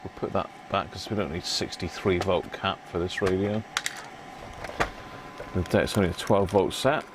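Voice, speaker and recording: A low-pitched British man talks his way through a repair on a livestream, loose and rambling, poking fun at himself as he goes. Faint noise sits under his voice. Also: steady tone, moderate pace. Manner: chatty, rambling, self-mocking. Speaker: radio repair livestream host. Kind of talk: casual livestream chat while working.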